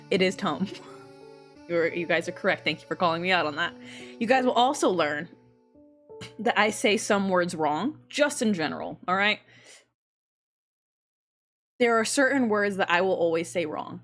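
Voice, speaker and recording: A young woman with a Korean mother, raised in an English-speaking country, chats casually and giggles through a livestream, laughing often mid-sentence. Her lowish, fairly bright voice has lively intonation and a moderate pace with frequent pauses, while faint music plays behind her.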